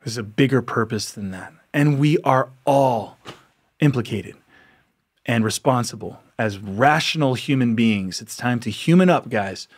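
A man's voice: medium pitch, a little slow. A man hosting a podcast, delivering an impassioned monologue full of rhetorical questions and frequent laughs. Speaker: podcast host.

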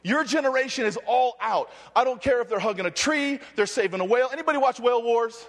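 A man from Hawaii speaking at a youth conference, preaching energetically, often shouting and joking. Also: extremely high pitch, fast. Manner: animated, shouting, joking, restless. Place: large hall with audience. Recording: long hall reverb.

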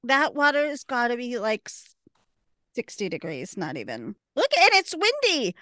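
A woman's voice: on the high side, huge pitch swings, moderate pace, a bit bright, no room sound. A woman co-hosting a podcast, giving snarky, casual running commentary while watching a show. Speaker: podcast co-host. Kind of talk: casual chat over a TV show.

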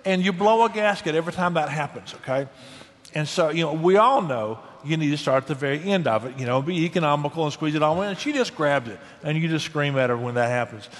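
A man's voice: a little high, fast. Folksy older man giving advice. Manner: earnest, folksy, animated storytelling. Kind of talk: conversational advice. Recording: long reverb.

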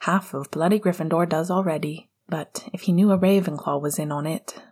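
A woman voicing a hot-tempered, protective teenage boy wizard, low and intense, with a husky voice. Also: fairly even intonation, brisk, a little mellow. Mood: curt.

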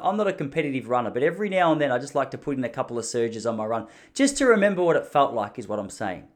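A young Australian man, a podcast host, telling a comedic story in an animated, ranting, self-mocking way. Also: mid-range voice, very fast, hardly any pauses.

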